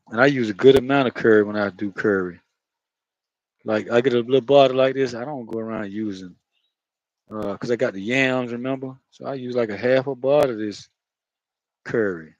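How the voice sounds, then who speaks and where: In this cooking vlog, a man with a Florida accent rambles casually as he cooks, laughing and cursing along the way. His mid-range voice comes through a dry recording with dull audio.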